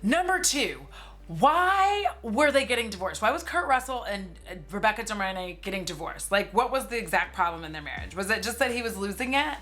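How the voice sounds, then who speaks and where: A woman's voice: medium pitch, expressive, brisk, pushed and bright, soft background music. A woman in her forties giving a casual, sarcastic movie recap, with lots of "like" and some swearing. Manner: chatty and sarcastic, heavy use of "like", swears freely. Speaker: movie commentary streamer.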